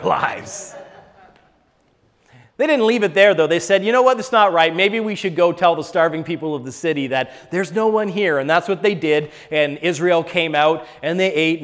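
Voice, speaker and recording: Preacher guy, high voice, gets loud then real hushed, church echo. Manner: swings from loud fervent exhortation to soft hushed storytelling. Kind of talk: sermon. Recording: long hall reverb.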